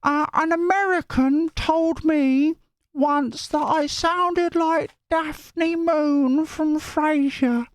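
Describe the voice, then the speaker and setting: Squeaky young woman, prim and slow, put on by a man mid-reading. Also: steady tone, heavily acted. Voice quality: squeaky, high falsetto.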